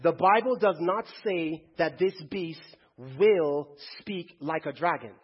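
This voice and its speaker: A man's voice: a little high, takes it slowly, breathy edge, highs cut off. A man preaching a sermon to a congregation in a church, firing rhetorical questions and calling on the crowd to answer.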